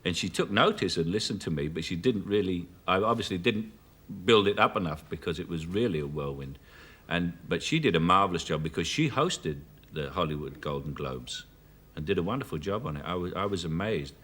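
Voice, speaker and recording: A man in his fifties with a Cockney London accent, a chat show guest telling anecdotes with halting restarts and frequent chuckles. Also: sits low, expressive, fairly bright tone, breathy edge. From South London, England. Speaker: actor guest. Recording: 1980s television studio broadcast.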